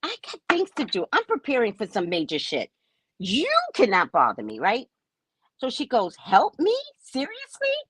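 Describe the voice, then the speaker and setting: A woman's voice: medium pitch, huge pitch swings, moderate pace, a bit bright, slightly rough, no room sound. A woman psychic reader telling a story on a casual live stream, brash, profane and mocking.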